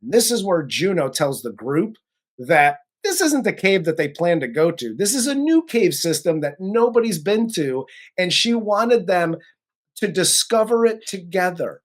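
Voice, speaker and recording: A host recapping and reviewing a horror film in casual chat, profane and animated. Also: mid-range voice, unhurried. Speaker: podcast host.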